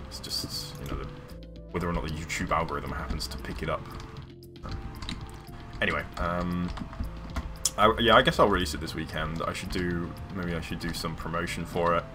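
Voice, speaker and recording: Deep-voiced man rambling on a stream. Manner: rambling, hesitant, many fillers and restarts. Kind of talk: casual live-stream chat while gaming. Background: background music.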